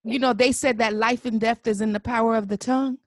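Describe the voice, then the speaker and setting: Earnest woman co-host, gently probing. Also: fairly high pitch, steady tone, brisk, no room sound, clean studio sound. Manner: earnest and gentle, offering soft pushback. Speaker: podcast co-host. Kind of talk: conversational interview.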